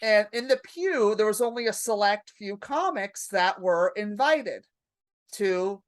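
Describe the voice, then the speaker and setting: A woman comedian, a podcast guest, telling stories in a lively, profane way and acting out her own panic. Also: mid-range voice, a little slow, dry recording, clean studio sound. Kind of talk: casual podcast storytelling.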